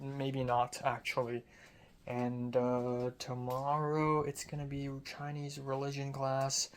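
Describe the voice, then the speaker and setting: A young film student rambles through a casual video diary. The talk is self-deprecating and loose, with casual swearing mixed in. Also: medium pitch. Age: young adult.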